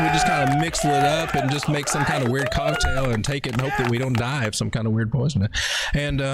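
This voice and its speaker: A man's voice: mid-range voice, a little fast, loud music behind the voice. A man hosting a late-night crypto livestream, casually rambling through chart analysis with playful dad jokes. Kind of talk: casual live market analysis.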